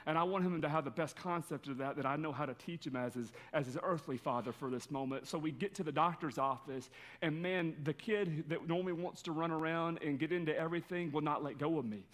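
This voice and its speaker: A man's voice: a little high, a little fast, a bit bright. A male pastor giving a conversational sermon, telling a personal story in an earnest way.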